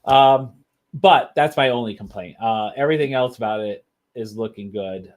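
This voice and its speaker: A man's voice: mid-range voice, normal speed. A man co-hosting a podcast, talking casually in an easygoing, agreeable way. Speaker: podcast co-host. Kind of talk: casual chat.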